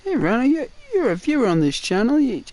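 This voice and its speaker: A man's voice: very high voice, very animated, fairly quick, a little mellow. A man chatting casually and playfully with his live viewers as a game streamer, teasing them and rambling with lots of fillers.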